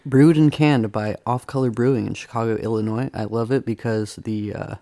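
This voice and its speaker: A man's voice: medium pitch, moderate pace, dry recording. Casual male podcast host. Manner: relaxed, introduces the show and guests. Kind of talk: casual chat.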